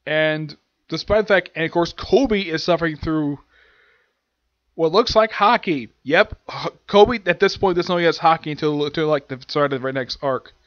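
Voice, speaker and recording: Rambling man recapping anime, slightly high voice. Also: normal speed, fairly bright tone, dry recording. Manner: rambling, filler-heavy retelling. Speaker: anime reviewer. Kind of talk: casual episode recap. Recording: dull lo-fi dry sound.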